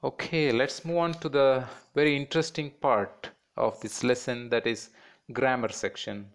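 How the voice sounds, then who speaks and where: A man's voice: medium pitch, fairly even intonation, moderate pace. A man teaching a children's class in Indian English, patiently repeating words and breaking them into syllables.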